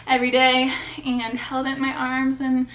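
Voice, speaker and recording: High-pitched and monotone, this new mom in her twenties talks at a normal speed in her personal vlog, heartfelt and earnest but heavy on fillers. The audio is dull, and the room sounds echoey.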